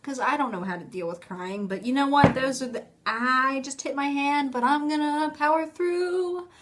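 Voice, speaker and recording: A woman's voice: high voice, moderate pace, slight background noise. A young woman talking casually to her phone camera in a rambling, self-mocking vlog, full of fillers. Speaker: vlogger.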